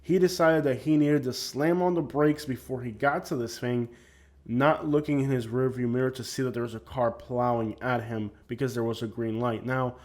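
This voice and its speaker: A man's voice: medium pitch, a little mellow. A man narrating his own vlog over driving footage in a casual, rambling, opinionated way, often restarting his sentences. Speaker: vlogger.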